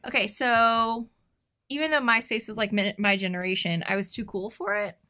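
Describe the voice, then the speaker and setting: A woman's voice: mid-range voice, normal speed. A woman in her thirties, co-hosting a podcast, telling a personal story in casual chat and acting out what people said. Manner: animated, acts out quoted lines. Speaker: podcast co-host.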